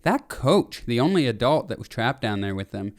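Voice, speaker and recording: A man's voice: mid-range voice, sing-song, moderate pace. A man in his thirties co-hosting a podcast, talking casually and animatedly, laughing often and rambling with restarts. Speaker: podcast co-host. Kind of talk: casual chat.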